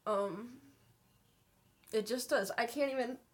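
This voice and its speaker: A young woman talking to her camera in her bedroom, telling an emotional story slowly and haltingly while fighting back tears. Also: on the high side. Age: young adult. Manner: halting, slow, many pauses and fillers. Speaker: vlogger.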